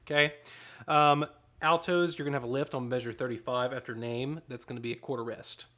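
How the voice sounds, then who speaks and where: A man's voice: medium pitch, steady tone, a little fast, fairly bright tone. A man leading a choir rehearsal, giving directions between short sung demonstrations. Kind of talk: rehearsal instruction.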